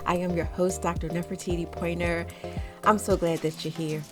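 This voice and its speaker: A woman's voice: fairly low pitch, little pitch movement, normal speed, over music. Woman podcast host, middle-aged, chatty and encouraging, laughs easily. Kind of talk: casual solo podcast talk.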